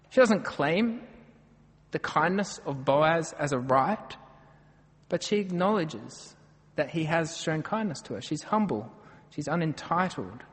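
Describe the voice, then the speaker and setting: A man's voice: on the high side, animated, moderate pace, long reverb tail. An Australian man preaching a sermon, earnest and emphatic as he works through a passage verse by verse.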